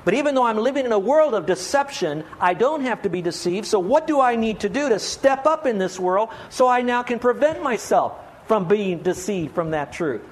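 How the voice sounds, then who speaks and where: A man preaching a sermon with a voice pitched high for a man. He pleads earnestly with his congregation. He keeps asking rhetorical questions. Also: expressive, moderate pace, hardly any pauses. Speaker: pastor.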